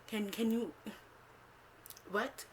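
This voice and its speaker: A woman vlogger telling a casual storytime, swearing freely, filling every pause with "like" and acting out what she said back then. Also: a little high, a little hiss or hum. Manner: animated, swears freely, acts out her own past lines; heavy use of "like" as filler.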